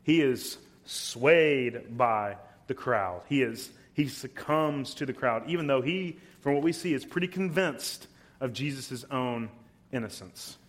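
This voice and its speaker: Slow, emphatic preaching man. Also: mid-range voice. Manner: deliberate, emphatic, reads scripture aloud. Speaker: pastor. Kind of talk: expository sermon.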